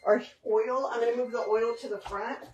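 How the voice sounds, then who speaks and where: A woman's voice: on the high side, fairly even intonation, normal speed, darkish tone, highs cut off, slight background noise. A woman hosting a casual live cooking stream from her home kitchen, chatting with viewers and dropping in Spanish words. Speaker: cooking livestream host.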